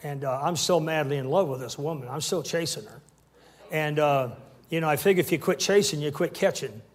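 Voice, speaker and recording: A man's voice: on the high side, a little fast. A man in his sixties preaching a sermon with call-and-response and humorous asides. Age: 60s. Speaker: pastor.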